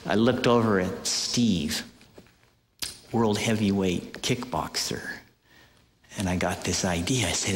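A man preaching a sermon, telling a story in an animated way with many hesitant fillers. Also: deep voice, slow, long pauses, a little hiss or hum. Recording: echoey hall with long reverb.

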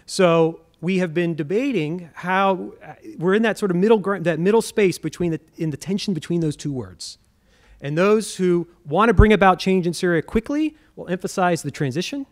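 A man's voice: high voice, lively intonation, normal speed. A man, a former government official, arguing in a public debate. He speaks earnestly, with frequent fillers and restarts.

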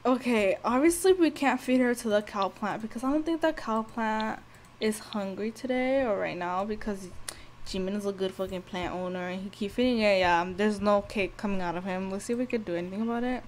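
A woman giving casual gameplay commentary, cursing and shouting at the game and speaking to viewers in slangy talk. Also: medium pitch, fairly quick, a little hiss or hum. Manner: profane, loud outbursts at the game; slangy, talks to viewers directly. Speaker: gameplay video host.

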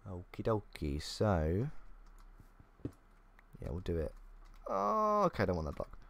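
A man's voice: low-pitched, wildly swooping pitch, unhurried, gravelly, a bit bright. A young man chatting casually as he talks through a game, thinking aloud and poking fun at himself. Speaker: gaming YouTuber. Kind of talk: casual gameplay commentary. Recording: faint keyboard clicks.

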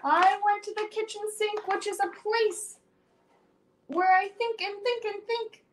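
Reading rhyming verse to kids, a young adult woman takes an unhurried, animated sing-song approach full of dramatic swings. She speaks in a very high-pitched voice.

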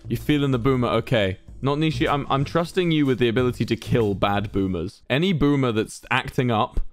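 A man's voice: medium pitch, brisk, faint music behind. A young man in his twenties hosting a live-streamed game event, playfully bossing players around and reading their signs aloud.

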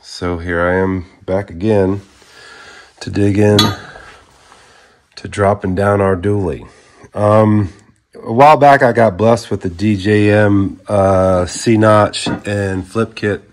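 A man with a fairly low voice narrates his own truck work at a slow, easy pace. He greets viewers like a showman, then walks them through each step in plain talk. Faint workshop noise sits behind him on a camera mic. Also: steady tone. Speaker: truck vlogger. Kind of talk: casual DIY video narration.

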